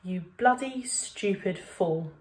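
A woman voicing an upset young schoolboy who speaks low and trembling. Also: lively intonation, slow pace. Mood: tense.

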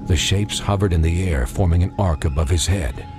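A man narrating a dark audiobook in measured, dramatic storytelling. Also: deep voice. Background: music.

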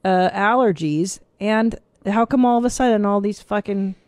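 A woman co-hosting a podcast in casual chat, talking in a blunt, profane, animated way into a studio microphone. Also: medium pitch, moderate pace, no echo. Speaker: podcast co-host.

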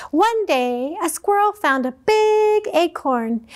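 Woman, children's librarian, picture-book read-aloud, very high voice, slow, animated. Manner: animated, gasping, asks the children questions.

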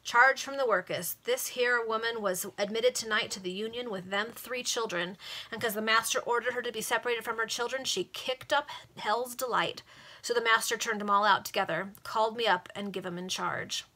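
Gruff working-class constable, rough speech, bright tone, from a woman. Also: a little high, fairly even intonation, normal speed. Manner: rough, dialect-heavy speech.

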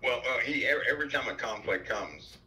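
A man speaking on a headset as a guest on a talk show, halting, with many fillers and restarts. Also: medium pitch, expressive, sharp tone, rough recording. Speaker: guest commentator. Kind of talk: call-in talk show chat.

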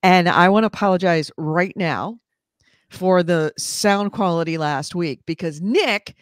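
A woman co-hosting a casual podcast chat, talking in an animated, mock-outraged way. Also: lowish voice, measured pace, no echo, clean studio sound. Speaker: podcast co-host.

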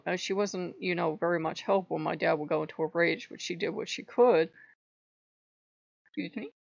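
A woman's voice: on the low side, gravelly, no room sound. Blunt, profane woman with dull lo-fi sound. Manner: blunt and profane, laughs often mid-sentence. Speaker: Lokean spiritual vlogger. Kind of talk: casual rambling monologue.

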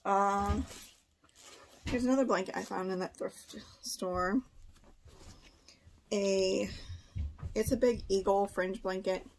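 A woman's voice: mid-range voice, steady tone, slow, pauses often, slight background noise. Brief: young woman, pregnant and a bit breathless, casual rambling haul chat to a home camera. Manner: chatty, thinking aloud, frequent "like" and "uh". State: heavily pregnant, a little short of breath. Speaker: part-time online reseller. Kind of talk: casual thrift haul vlog. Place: indoor room at home, seated before camera.

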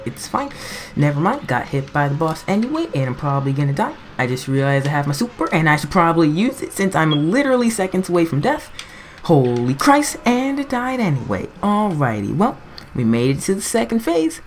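A woman giving rambling, self-mocking gameplay commentary, breaking into frantic yelps when things go wrong. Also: deep voice. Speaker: gaming commentator.

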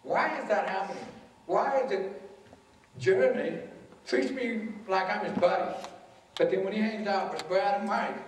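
Male school speaker, higher voice, distant mic, faint room hiss behind. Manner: addresses audience directly, acts out quoted voices. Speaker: motivational speaker. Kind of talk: anti-bullying talk to students. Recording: echoey hall from far off.

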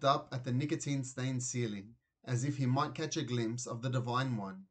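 A man narrating a children's storybook aloud in an expressive reading voice. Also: medium pitch, moderate pace, hardly any pauses. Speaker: reader.

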